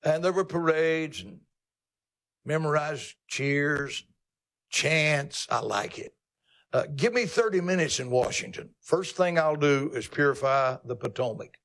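A man's voice: fairly high pitch, lively intonation, measured pace, fairly bright tone. A man preaching a sermon in a folksy, dramatic and teasing way.

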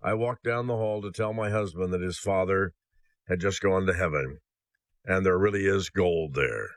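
Earnest low-voiced man preaching. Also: moderate pace, no room sound. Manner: earnest, addresses listeners as brothers and sisters; reads a personal story aloud. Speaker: ministry podcast host. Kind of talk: devotional message.

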